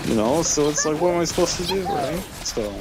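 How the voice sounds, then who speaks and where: A man's voice: fairly high pitch, lively intonation, a little fast. A man chatting casually on a late-night stream, laid-back, rambling and often restarting his sentences. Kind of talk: casual chat.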